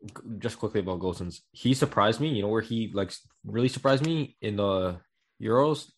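A man co-hosting a casual football talk show, sharing quick, enthusiastic opinions. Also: lowish voice. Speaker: co-host.

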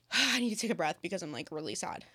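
A woman's voice: on the low side, lively intonation, bright, forceful tone, husky. Chatty young woman rambling about sports. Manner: rambling, fast, heavy "like" filler. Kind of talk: casual sports chat.

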